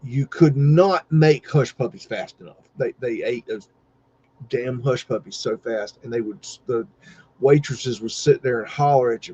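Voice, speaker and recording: A man's voice: mid-range voice, normal speed, darkish tone, slight background noise. Rambling folksy man, lo-fi stream. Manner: folksy, swears casually, lots of fillers. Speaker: podcast host. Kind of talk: casual rambling storytelling.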